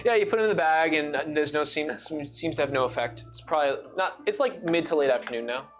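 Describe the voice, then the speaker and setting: A man's voice: a little high, fast, a bit bright, soft background music. A man narrating as dungeon master, rambling with lots of fillers and restarts. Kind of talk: narrating a tabletop game.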